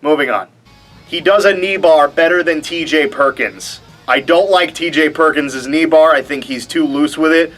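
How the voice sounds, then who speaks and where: A man's voice: on the high side, moderate pace, a bit bright, soft background music. A young man hosting a wrestling vlog, chatting casually with a wry, mock-reluctant tone. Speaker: wrestling show host.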